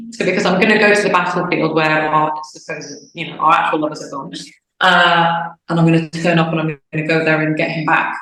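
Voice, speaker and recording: In an echoey room, a young opera singer talks in a low-pitched voice at a slightly fast clip. Casual and lively, she acts out small snippets of dialogue as the interview goes on.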